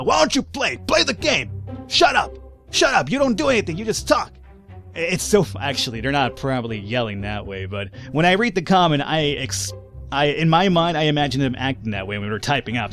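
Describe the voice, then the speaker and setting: A man giving casual, sarcastic let's-play commentary, rambling and swearing freely. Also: mid-range voice. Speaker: gameplay commentator.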